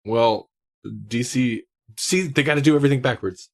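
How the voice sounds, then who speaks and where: A man's voice: medium pitch, moderate pace. A man co-hosting a podcast, chatting casually and laughing often. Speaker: podcast co-host. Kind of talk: casual chat.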